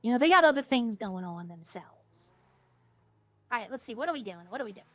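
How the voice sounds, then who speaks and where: A woman's voice: on the high side, fairly quick, dry recording. A woman streamer chatting casually and rambling through stories while she plays a role-play game. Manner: rambling, chatty, animated when retelling stories.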